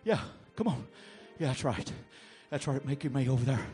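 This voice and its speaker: A man preaching an altar call, pleading and swinging from low murmurs to shouted appeals. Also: lively intonation, moderate pace, soft background music. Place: church sanctuary.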